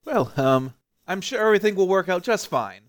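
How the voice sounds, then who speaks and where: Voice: medium pitch, sing-song, a little fast. A tabletop player speaking in character, genial and diplomatic, with hesitant fillers.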